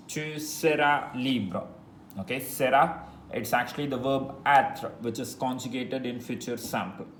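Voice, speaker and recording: A man teaching a French lesson in English, patiently repeating phrases slowly and spelling words letter by letter. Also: medium pitch. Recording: echoey room with faint noise.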